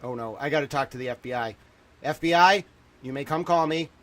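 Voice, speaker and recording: A man's voice: medium pitch, brisk, fairly bright tone. A man in his thirties hosting a livestream, panicked and swearing, exclaiming and repeating himself as he talks to his viewers. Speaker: livestream host. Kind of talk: agitated livestream monologue.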